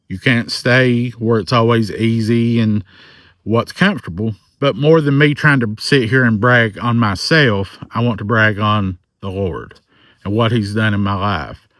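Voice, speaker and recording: Southern US man, 40s, thick drawl, slow sincere testimony, mid pitch, dry room. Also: fairly bright tone, no echo. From American South. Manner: slow, earnest, faith-filled. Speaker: paranormal content creator. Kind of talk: personal testimony to camera.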